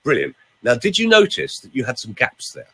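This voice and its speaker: A man's voice: medium pitch, wildly swooping pitch, a little fast, fairly bright tone, breathy edge. An older man, a vocal coach talking in a theatrical, teasing way on a podcast. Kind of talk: casual podcast chat with voice demonstrations.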